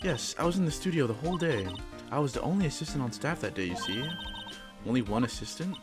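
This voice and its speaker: Guy putting on a shy, polite young woman assistant, a little higher and hesitant, game music in the background. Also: lively intonation, fast, close to an everyday voice.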